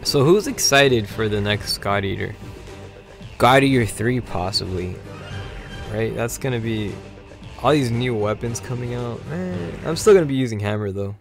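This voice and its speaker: A man hosting a weekly gaming livestream, sleepy and yawning, rambling between bursts of excitement. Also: medium pitch, moderate pace, creaky, faint music behind. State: tired, yawning. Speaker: livestream host. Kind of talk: gameplay livestream commentary.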